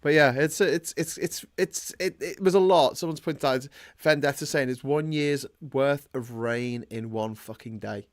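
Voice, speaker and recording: A podcast host runs a casual talk show, blunt and full of swearing as he reads viewer comments aloud and rants. His medium-pitched voice is unhurried with hardly any pauses, recorded at studio quality with no echo.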